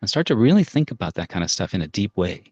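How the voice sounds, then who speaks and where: A man's voice: on the low side, big pitch swings, quick pace, a little mellow, no room sound, dull audio. A man presenting a parenting workshop in a casual, chatty way, full of fillers like "like" and "right?". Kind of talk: casual guided workshop talk.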